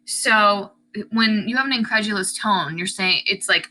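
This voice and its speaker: A woman teacher, her medium-pitched voice pushed and bright, speaks at a moderate pace through poor audio. Her lesson analyzes an essay's tone and word choice, reading passages aloud and commenting.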